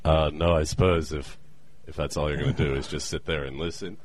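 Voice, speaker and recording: A man's voice: rumbling low, steady tone. A man hosting a casual podcast, playful and jokey, talking with a co-host over a call. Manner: playful, jokey, with quick put-on voices. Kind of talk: casual chat. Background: skype call with co-host.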